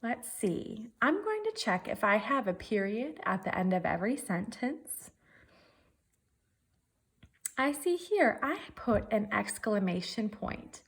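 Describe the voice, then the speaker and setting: A woman's voice: mid-range voice, husky. A woman teacher giving a virtual writing lesson, working through her draft methodically and thinking aloud step by step.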